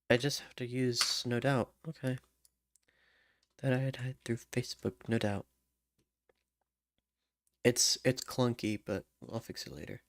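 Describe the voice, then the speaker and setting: Unhurried male songwriter thinking aloud, halting, hums melody fragments; close, dry recording. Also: mid-range voice, steady tone, dry recording. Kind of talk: thinking aloud while writing lyrics.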